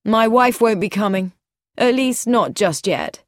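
A woman voicing a charming dark-haired man who speaks slowly, quietly and teasingly in a read-aloud story. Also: mid-range voice, animated, dry recording, clean studio sound, lightly acted. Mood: calm.

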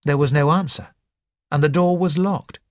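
A man reading a mystery novel aloud in the first person as an audiobook narrator, in a measured, expressive way. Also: a little high, no room sound, studio quality.

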